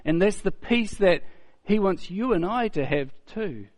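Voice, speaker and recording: A man's voice: high voice, animated, a little slow, a little mellow. A man preaching a sermon in a conversational, storytelling way, often asking rhetorical questions and repeating key phrases.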